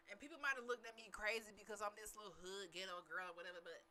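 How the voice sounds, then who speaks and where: A woman's voice: medium pitch, fast, few pauses, sharp tone, slight background noise. A woman giving a preachy, emphatic motivational talk on a live stream. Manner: preachy and emphatic, with African American English grammar.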